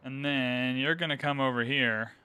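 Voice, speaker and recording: A man's voice: mid-range voice, fairly even intonation, moderate pace, sharp tone, clean tone, no echo. A man hosting a gaming channel, talking through a strategy game in casual, upbeat commentary and explaining his moves as he plays.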